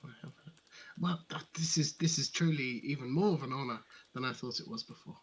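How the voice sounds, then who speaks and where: A gullible rich gentleman, voiced by a man gushes with polite, stammering praise. His voice is husky and mid-pitched. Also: fairly quick, natural voice. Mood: effusive. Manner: effusive, polite and hesitant.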